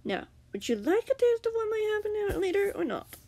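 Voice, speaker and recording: A cruel male jailer taunts his prisoner in a low, hushed, threatening way, as a woman reading a fan story voices him. The voice is gravelly and swings widely in pitch. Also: very animated, normal speed, full character voice. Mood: menacing. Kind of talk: amateur fanfiction reading.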